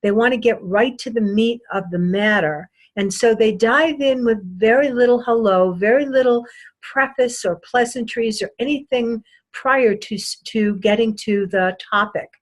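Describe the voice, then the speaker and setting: A woman giving a recorded sales lesson, lecturing deliberately and repeating her key points for emphasis. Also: a little high. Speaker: sales trainer.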